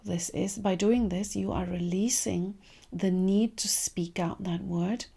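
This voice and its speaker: Gentle spiritual teacher, woman, warm husky voice, trails into whispers. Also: medium pitch, fairly even intonation. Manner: soft, slow, trailing into whispers. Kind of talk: gentle spiritual guidance talk.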